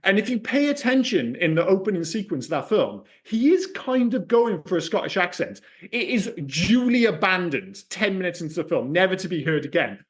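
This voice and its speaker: A man co-hosting a casual film podcast, talking in an animated, opinionated way and swearing freely. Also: high voice, brisk, few pauses. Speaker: podcast co-host.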